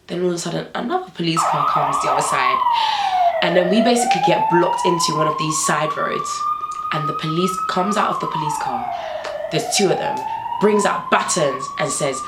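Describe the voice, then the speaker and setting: A woman's voice: lowish voice, wildly swooping pitch, brisk, roomy sound, heavy background noise. A young woman vlogger telling a story animatedly, acting out the dialogue.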